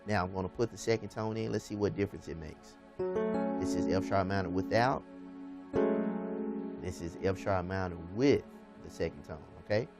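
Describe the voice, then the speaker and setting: A man's voice: low voice, moderate pace, long pauses. A man teaching a piano lesson, patiently explaining each step and checking in with "okay?" after most phrases. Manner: patient, repeats steps, ends phrases with "okay?". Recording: piano playing under the voice. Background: piano music.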